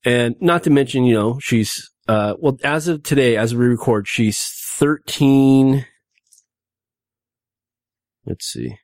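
A man's voice: mid-range voice, lively intonation, normal speed, few pauses, no room sound, clean studio sound. A man hosting a casual podcast, rambling with many fillers and restarts while talking after having two back teeth pulled. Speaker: podcast host.

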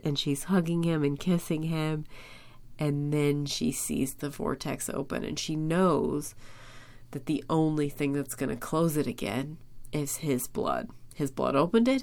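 A woman with a low voice and a gravelly, fry-laden edge talks through a TV episode recap. She rambles eagerly, leaning on fillers as she goes, in a casual, unscripted way. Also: measured pace, darkish tone. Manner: rambling, filler-heavy, enthusiastic. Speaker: podcast host recapping an episode.

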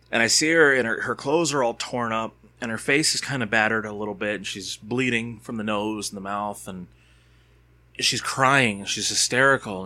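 Bright-voiced man telling a rambling story. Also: on the low side. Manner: rambling, hesitant, with many fillers and restarts. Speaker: father recounting a personal experience. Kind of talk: casual personal storytelling.

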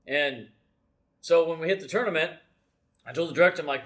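A man's voice: fairly high pitch, brisk, a bit bright. A middle-aged man giving a casual, self-deprecating church message from the front, keeps checking in with "right?". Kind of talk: casual sermon with personal stories.

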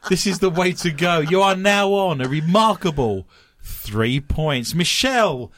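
A middle-aged man hosting a comedy podcast. His voice sits high and swings widely as he jokes and throws in silly voices. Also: lively intonation, unhurried, fairly bright tone, no room sound. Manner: joking, does silly voices. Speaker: podcast host. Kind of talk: comedic banter.

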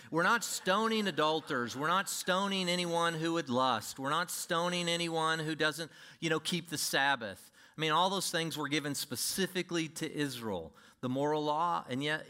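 Emphatic man preaching a sermon. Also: fairly high pitch. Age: older. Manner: emphatic, with sudden swings between loud and quiet. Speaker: pastor.

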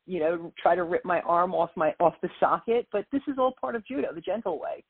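Husky-voiced woman telling a story. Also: lowish voice, a little fast. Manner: animated storyteller, quotes voices. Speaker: author and guest. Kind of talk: storytelling interview. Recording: tinny phone line.

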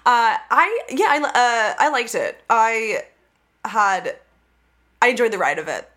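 A young woman co-hosting a casual movie podcast, bubbly and jokey, with quick asides. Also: on the high side, big pitch swings, bright, forceful tone. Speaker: podcast co-host. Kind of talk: casual chat.

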